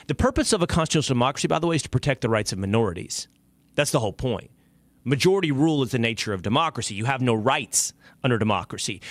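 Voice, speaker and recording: A male show host delivering a sarcastic, animated opinion monologue. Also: on the high side, no echo.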